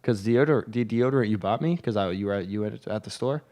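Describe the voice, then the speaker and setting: A young man with a somewhat low voice, bantering as a podcast co-host. He slips in dry, deadpan jokes between casual explanations. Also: fast.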